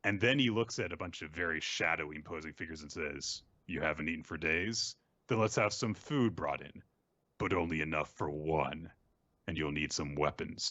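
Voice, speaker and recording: Deep-voiced man recapping manga. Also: a bit bright, no room sound, dull audio. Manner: retells scenes, mimicking characters' lines. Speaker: podcast host. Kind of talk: casual comic manga recap.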